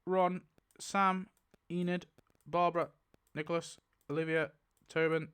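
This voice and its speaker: A man giving casual, excitable commentary while spinning a wheel, laughing often and mumbling lists to himself. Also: on the high side, a little slow, clean tone. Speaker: YouTuber.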